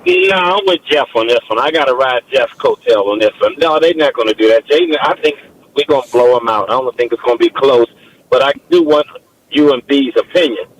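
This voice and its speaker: A man's voice: medium pitch, big pitch swings, brisk, rough recording. A man calling in to a sports radio show, eager and confident about his team. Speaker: caller. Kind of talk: radio call-in.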